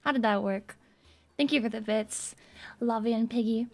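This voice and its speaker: A young woman livestreamer chatting casually with viewers, playful and excitable, swearing and breaking into loud screams and laughs. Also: a little high, moderate pace. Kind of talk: casual chat to stream viewers.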